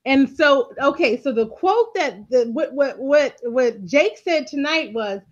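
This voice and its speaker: A woman's voice: sits high, unhurried, muffled recording. A woman co-hosting a casual TV recap chat, telling the story with energy and acting out the characters' lines. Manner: animated storyteller, acts out quotes. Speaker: recap show co-host.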